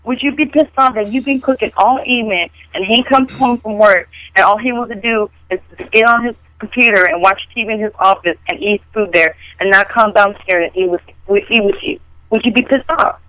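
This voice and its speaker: A woman co-hosting a casual podcast chat, telling a story in an animated, exasperated way. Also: mid-range voice, fairly quick, hardly any pauses, low-quality recording. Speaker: podcast co-host.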